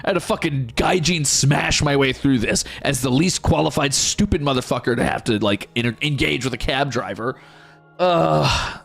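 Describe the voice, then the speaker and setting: A man's voice: medium pitch, normal speed, vocal fry, soft background music. A man telling a story casually to his chat as a streamer, swearing often and telling it with energy. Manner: profane, animated storytelling.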